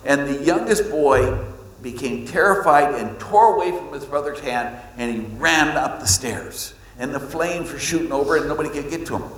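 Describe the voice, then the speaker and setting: A man preaching a sermon, reading scripture and telling stories, with his pitch jumping up on points he wants to stress. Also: normal speed. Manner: animated storytelling, pitch leaps on emphasis. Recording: echoey hall with long reverb.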